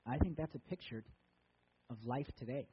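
A male pastor preaching a sermon in a church, telling a story that swings between loud and soft. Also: mid-range voice, moderate pace, breathy edge, in a large hall, dull audio.

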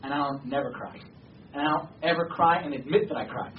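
A man's voice: fairly high pitch, fairly quick. Male pastor, conversational, grows emphatic; distant mic, roomy echo, dull sound. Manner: conversational, emphatic, rising to passionate exhortation. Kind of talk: sermon. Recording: distant, echoey, dull sound with faint noise.

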